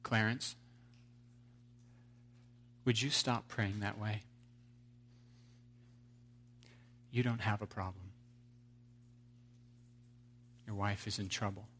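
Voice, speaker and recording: A man voicing God in a quiet, steady, measured way. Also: fairly low pitch, a little hiss or hum. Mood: calm. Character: voice of God, calm and firm.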